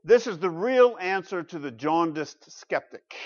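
A man preaching an expository sermon, animated and emphatic, with rhetorical questions and repeated phrases. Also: sits high, unhurried, highs cut off. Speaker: pastor.

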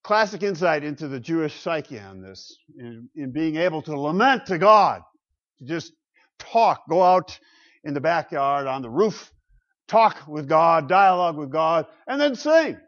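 A man giving a classroom lecture on the Psalms, emphatic and animated, with rhetorical questions and chuckles. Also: on the high side, measured pace, dull audio. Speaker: Bible lecturer.

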